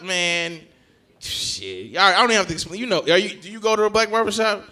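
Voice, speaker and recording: A young man doing stand-up comedy, telling stories in an animated way and shouting his punchlines. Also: sits high, fast. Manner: animated storytelling with loud punchlines.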